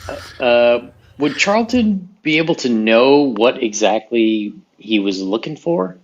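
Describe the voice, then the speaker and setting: A man's voice: mid-range voice, lively intonation, slow. A man playing a tabletop game, who asks hesitant questions. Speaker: player. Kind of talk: casual tabletop game play. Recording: dull lo-fi audio.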